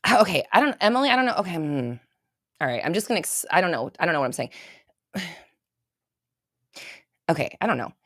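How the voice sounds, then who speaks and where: Bright, rambling woman on a livestream. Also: fairly low pitch, very animated, fast, pauses often, dry recording, studio quality. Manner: rambling, swears freely, bursts into loud laughter. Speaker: livestream host doing intuitive readings. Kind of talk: casual livestream chat.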